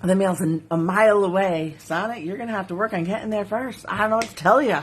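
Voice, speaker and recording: Husky-voiced woman chatting on a live stream. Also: medium pitch, fast talker. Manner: chatty and giggly, reads viewer comments aloud. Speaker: jewelry maker hosting a live sales stream. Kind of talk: casual live-stream chat. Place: home studio.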